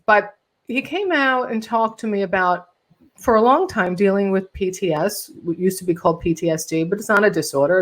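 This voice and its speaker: A woman hosting a casual chat, prompting her guest with questions. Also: medium pitch. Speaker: host.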